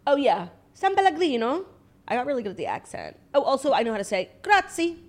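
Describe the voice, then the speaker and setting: A woman co-hosting a casual podcast chat, talking in a chatty way full of "like" and animated retellings. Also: fairly high pitch, rapid-fire. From United States. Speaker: podcast co-host.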